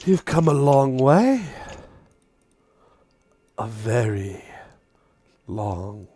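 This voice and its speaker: A man's voice: mid-range voice, sing-song, mellow, slightly rough, dry recording, heavily acted. A man voicing a mocking female drow matron who is half spider, drawing out each word to taunt. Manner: slow, drawn-out, taunting.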